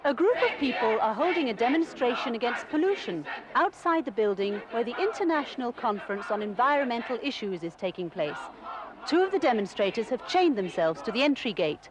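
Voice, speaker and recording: An actress playing a female TV street reporter who speaks in a clear, measured way. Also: on the high side, very animated. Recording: loud crowd and noise behind.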